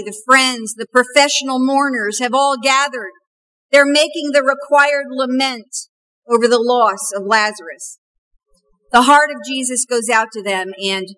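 A middle-aged woman pastor preaches in a high voice. She tells her stories warmly and slows right down to lean on repeated refrains. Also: rough recording. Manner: slow emphatic refrains, storytelling. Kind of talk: sermon.

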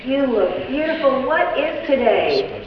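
A woman leading a children's sermon in church, coaxing and gentle as she talks to small children. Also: high voice, sing-song, measured pace. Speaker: children's message leader at church. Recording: echoey hall, distant mic, noisy and dull.

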